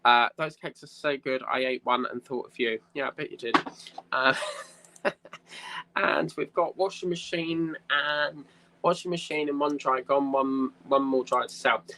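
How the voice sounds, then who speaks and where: A man's voice: mid-range voice, a little slow, sharp tone, low-quality recording. A man hosting a casual craft live stream, chatting in a rambling way and reading viewer comments aloud.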